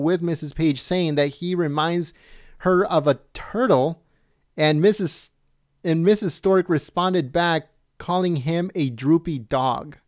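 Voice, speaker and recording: A man reading news items aloud slowly and adding his own commentary, stumbling and correcting himself and asking viewers questions. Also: fairly high pitch, dry recording, studio quality. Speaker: political commentary host.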